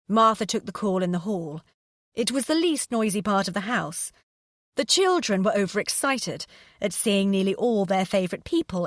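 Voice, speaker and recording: A woman narrating an audiobook with steady, expressive storytelling on a close microphone. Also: medium pitch, no echo. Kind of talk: scripted narration.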